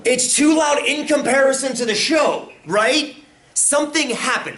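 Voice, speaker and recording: A man teaching a statistics class, animated and full of questions for his students. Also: very high-pitched, measured pace. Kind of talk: classroom lecture. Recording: roomy, from far off, faint room noise.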